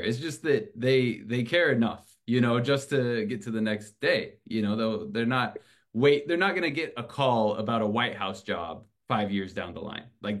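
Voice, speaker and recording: A man talking casually and earnestly as an interviewer, with loose phrasing. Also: medium pitch. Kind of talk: casual conversation.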